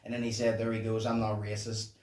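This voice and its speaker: A man hosting a reaction channel, chatting casually and profanely in a low voice while he explains song lyrics. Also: monotone, fast talker, a little mellow. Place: home room at night. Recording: echoey room, distant mic, faint noise.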